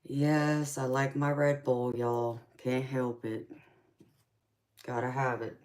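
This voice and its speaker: A woman's voice: extremely low pitch, little pitch movement, slow pace, darkish tone. A woman hosting a live tarot stream, chatting casually and affectionately with viewers late at night. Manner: laid-back, affectionate, calls viewers honey and baby.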